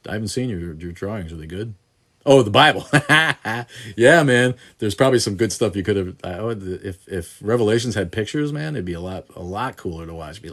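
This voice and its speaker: This is a man in his sixties hosting a casual live Q&A stream. His voice sits low and deep. He rambles through viewer questions with frequent restarts and blunt swearing. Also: a bit bright. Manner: rambling and profane, many restarts and fillers. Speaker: host answering viewer questions. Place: home studio in southeast Wisconsin.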